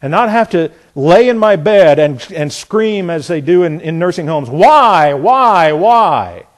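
A man preaching a sermon, questioning the congregation and reading scripture aloud, building from soft to emphatic. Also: on the high side, moderate pace. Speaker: pastor.

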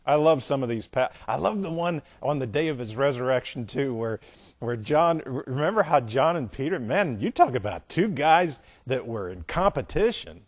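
A man teaching a Bible lesson at a board, relaxed and conversational, with joking asides. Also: mid-range voice, normal speed. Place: room with a board.

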